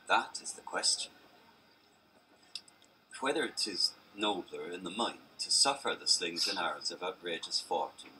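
Actor doing a brooding young prince, old shakespeare accent with a west country burr, low and super bright, slow rolling verse. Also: male voice, far from the mic, slight background noise, full character voice, rough recording. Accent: Shakespearean original pronunciation with West Country burr. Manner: measured, rolling verse delivery. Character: brooding young prince weighing life and death. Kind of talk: classical stage soliloquy.

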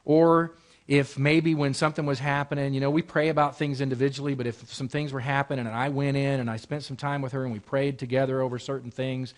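A man's voice: medium pitch, flat delivery, fairly quick. A married man preaching as pastor in a conversational way, repeating phrases and asking rhetorical questions. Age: adult, married. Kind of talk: sermon in a Bible class.

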